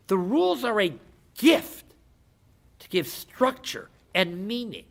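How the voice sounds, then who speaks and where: Animated, gravelly male rabbi lecturing. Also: sits high. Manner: acts out characters in his stories, with many restarts and sudden shouts.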